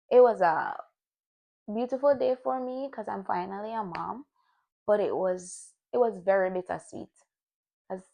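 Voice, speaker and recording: Warm and creaky at a medium pitch, this young vlogger of Jamaican heritage reflects on her year, talking candidly to camera and restarting her sentences.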